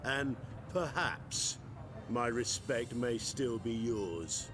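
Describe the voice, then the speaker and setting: A scornful aristocratic knight. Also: male voice, mid-range voice, lively intonation, extremely slow, a bit bright. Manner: haughty, contemptuous, theatrical delivery. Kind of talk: video game voice acting. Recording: game audio with music behind.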